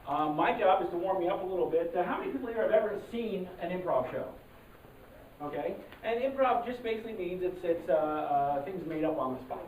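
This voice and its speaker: Improv troupe guy warming up the crowd, lots of ums, shouts cues, far off in an echoey venue w crowd noise. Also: medium pitch, lively intonation. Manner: halting, with many fillers and restarts; calls out cues loudly to the crowd. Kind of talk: live audience warm-up talk. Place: live show venue. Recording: distant, roomy, muffled live recording. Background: audience ambience.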